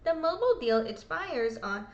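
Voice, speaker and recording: A woman's voice: sits high, very animated, moderate pace, darkish tone, highs cut off. A woman hosting a show, reading court exhibits aloud in casual commentary, swearing freely and mocking herself. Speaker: host. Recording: echoey room.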